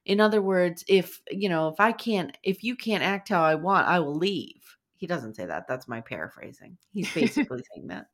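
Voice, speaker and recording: A woman's voice: on the low side, expressive, normal speed, hardly any pauses. A woman hosting a casual podcast chat, sarcastic and blunt, swearing freely as she recaps a show.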